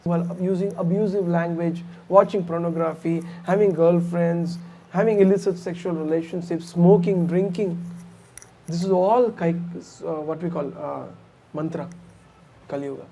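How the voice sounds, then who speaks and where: A man telling a devotional story as a sermon, in an animated, conversational way with asides to listeners. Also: a little high, normal speed, vocal fry. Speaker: preacher. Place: temple hall.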